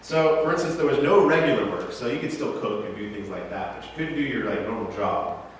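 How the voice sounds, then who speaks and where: A man's voice: fairly low pitch, lively intonation, fairly quick, slight background noise. A male pastor preaching a sermon in a casual, joking, conversational way, often asking the congregation questions. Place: church sanctuary. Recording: echoey church hall from far off.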